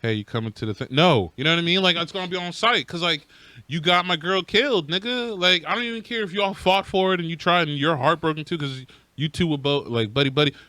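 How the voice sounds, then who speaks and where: A man co-hosting a casual podcast, talking in slangy, profane rants. His voice sits a little high and sounds bright, and it sounds dry and close with no room around it. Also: fairly quick, no room sound. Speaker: podcast co-host. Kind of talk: casual chat.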